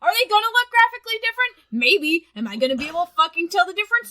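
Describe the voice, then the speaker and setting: Young woman co-host, high bright voice, profane animated ranting. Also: racing, few pauses. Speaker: podcast co-host. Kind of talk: casual chat.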